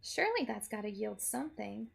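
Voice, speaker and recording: A woman's voice: medium pitch, sing-song, fairly quick, vocal fry, husky, full character voice. A woman voicing a sarcastic, wisecracking young woman held hostage in a game. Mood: scheming. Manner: sarcastic, wry.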